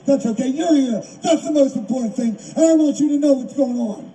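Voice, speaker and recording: Fairly quick and mellow, with an extremely high pitch, an older man gives an outdoor rally speech that is emotional and repetitive. He is heard from a distance over faint background noise.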